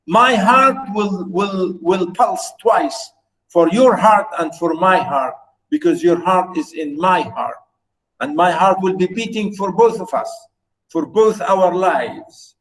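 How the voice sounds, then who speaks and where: A man's voice: high voice, slow, fairly bright tone, rough recording. A man giving a university literature lecture, earnestly paraphrasing verse and circling back over his words with many fillers and restarts. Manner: earnest, repeats and rephrases lines of verse.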